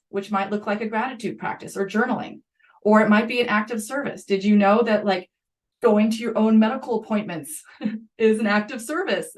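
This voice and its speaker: A middle-aged school psychologist, a woman with a fairly high voice, appears in a podcast interview. She talks conversationally and with energy, slipping in quick asides.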